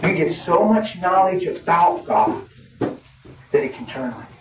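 Folksy high-voiced preacher in echoey hall. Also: male voice, slow pace, a little hiss or hum. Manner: folksy, animated, laughing often. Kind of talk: sermon with storytelling. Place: church hall. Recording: echoey hall from far off, crowd. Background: congregation.

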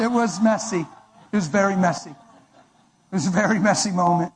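A man's voice: high-pitched, brisk, background noise. A man preaching, giving a dramatic, emphatic testimony. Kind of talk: sermon testimony.

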